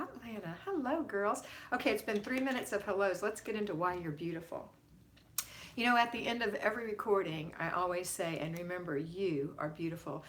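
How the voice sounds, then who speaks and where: A woman's voice: mid-range voice, a little hiss or hum. A middle-aged woman hosting a casual homemaking livestream from home, greeting viewers by name in an affectionate, chatty way. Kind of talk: casual live-stream chat.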